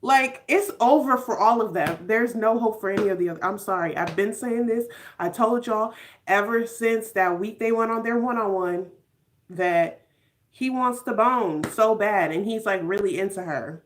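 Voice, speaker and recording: A woman's voice: mid-range voice, normal speed, a little hiss or hum. A woman hosting a casual live stream, reacting to a show and answering viewers by name. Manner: animated, laughing, reading viewer names aloud.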